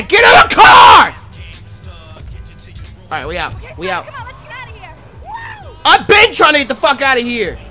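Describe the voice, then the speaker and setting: A gaming streamer giving casual, profane let's-play commentary, yelling in frustration and muttering to themselves between outbursts. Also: mid-range voice. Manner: profane, yells in frustration then mutters to self. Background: game music.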